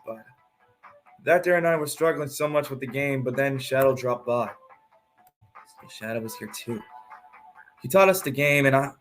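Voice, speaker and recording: A player doing a gruff cowboy echidna sheriff. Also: medium pitch, lightly acted. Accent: put-on cowboy drawl. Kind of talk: voicing game dialogue.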